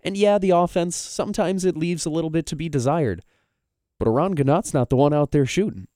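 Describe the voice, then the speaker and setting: A man's voice: a little high, fairly quick, mellow, dry recording, clean studio sound. A man co-hosting a sports radio show, talking casually in long opinionated runs. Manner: opinionated, rambling, argumentative. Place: radio studio.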